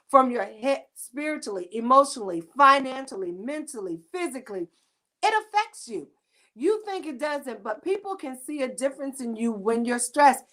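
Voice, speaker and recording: Emphatic high-voiced woman hosting a talk show. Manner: emphatic, preachy, animated storytelling.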